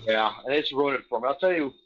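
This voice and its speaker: A man's voice: medium pitch, quick pace, a little hiss or hum. A man co-hosting a podcast, chatting casually and rambling through strong opinions. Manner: rambling, opinionated, does mock impressions. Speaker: podcast co-host. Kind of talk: casual chat. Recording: dull lo-fi sound.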